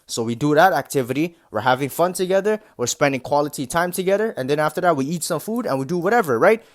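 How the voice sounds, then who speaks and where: A man's voice: on the high side, lively intonation, fast talker. A young man giving relationship advice in a casual monologue, blunt and full of swearing, with frequent filler phrases and mocking asides. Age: young adult. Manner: heavy use of filler phrases. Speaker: motivational content creator.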